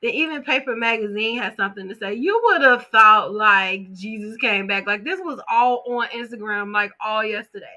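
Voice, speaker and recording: A woman chatting casually about celebrity gossip, animated and opinionated, with slang and quick asides. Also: medium pitch.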